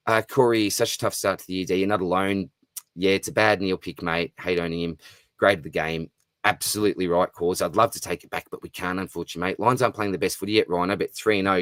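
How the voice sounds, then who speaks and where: A middle-aged Australian man with a lowish voice hosts a live stream. He rattles through viewer comments in a quick, matey way. The sound is close and dry, with hardly any room. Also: fairly bright tone, no echo. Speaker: fantasy football livestream host. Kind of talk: casual livestream chat reading comments.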